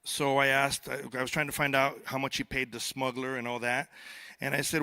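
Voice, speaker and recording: A man's voice: mid-range voice, fairly even intonation, normal speed, sharp tone. A man who is a border patrol agent giving a conversational, joking speech on stage to a live audience, often repeating words as he starts a sentence. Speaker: border patrol agent speaking at a youth summit. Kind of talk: conference speech.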